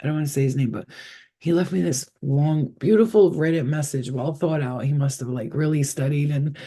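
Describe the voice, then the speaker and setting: A man with a somewhat high but mellow, husky voice talks casually with viewers on a live stream. He rambles from one thought to the next and swears freely. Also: a little fast. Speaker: psychic reader, live streamer.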